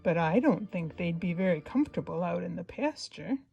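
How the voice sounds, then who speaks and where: A woman's voice: on the low side, expressive, moderate pace, gravelly, dark tone, slightly rough, dull audio, faint music behind, heavily acted. A woman voicing a curious, hopeful little male colt in a storybook, musing to himself in a wondering tone.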